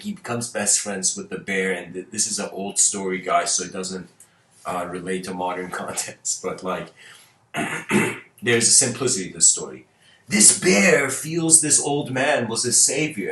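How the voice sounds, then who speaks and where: A man's voice: on the low side, unhurried, fairly bright tone, roomy sound. A man whose first language is Persian, talking casually to viewers, rambling through fables with frequent laughs and restarted words.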